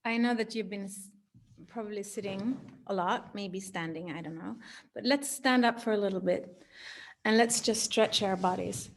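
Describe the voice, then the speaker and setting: A woman guiding an online group through stretching and a gentle meditation, soft and soothing. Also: a little high, steady tone. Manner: gentle, soothing, drawn-out guidance. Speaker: embodiment workshop guide. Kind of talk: guided movement and meditation.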